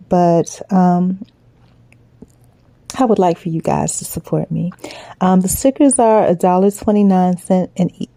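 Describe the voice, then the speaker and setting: Earnest woman with a mellow, dry voice. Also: lowish voice, dry recording. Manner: earnest, rambling, many fillers and "you know". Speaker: small business owner promoting her sticker collection. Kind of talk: casual direct-to-camera appeal.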